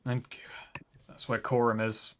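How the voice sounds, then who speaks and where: A man's voice: medium pitch, little pitch movement, unhurried, fairly bright tone. Man playing a tabletop game, casual. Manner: stumbles over names, self-correcting. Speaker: player.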